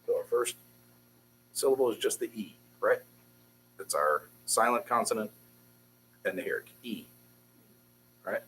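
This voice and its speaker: A man's voice: on the low side, expressive, unhurried, pauses often, a bit bright, a little hiss or hum, low-quality recording. A man teaching a beginners' Hebrew class, patiently drilling syllables and encouraging his students. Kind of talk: classroom language lesson.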